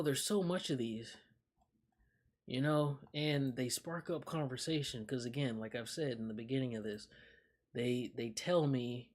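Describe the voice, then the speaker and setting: With a mid-range voice carrying a breathy edge, a young man chats casually on his live stream. He reacts out loud to things, laughing often and swearing freely.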